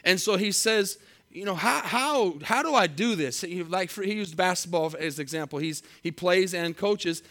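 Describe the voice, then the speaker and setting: A man preaching a sermon, reading scripture slowly and with emphasis, then telling a story in a conversational way. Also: high-pitched, fairly bright tone. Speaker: pastor.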